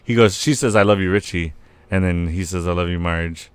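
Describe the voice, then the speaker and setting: A man's voice: low voice, brisk, smooth, dry recording. A young man co-hosting a casual podcast, recapping scenes with lots of swearing and acted-out quotes. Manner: animated, swears a lot, acts out scenes. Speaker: podcast co-host. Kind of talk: casual chat.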